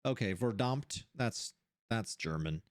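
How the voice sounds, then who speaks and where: An animated streamer, thinking aloud while playing a game, voice jumping up high when surprised. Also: slow. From Seattle area, USA. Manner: animated, puzzling things out, sudden jumps to high pitch.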